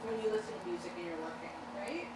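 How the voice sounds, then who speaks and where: A woman's voice: fairly low pitch, animated, fast talker. A woman co-hosting a live stream, reading viewer questions aloud in a chatty, giggly, self-deprecating way. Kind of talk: casual live-stream chat. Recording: echoey room, off-mic, noisy.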